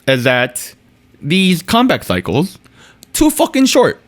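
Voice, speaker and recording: A man's voice: fairly high pitch, takes it slowly. A man co-hosting a casual pop music podcast, hesitant and full of restarts. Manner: hesitant, many fillers and restarts, animated. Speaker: podcast co-host.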